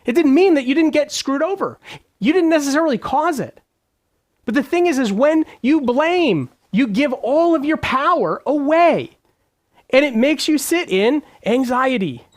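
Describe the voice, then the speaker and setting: A man's voice: very high-pitched, lively intonation, normal speed. A man giving a motivational business talk, emphatic and fond of repeated phrases and rhetorical questions. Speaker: business coach.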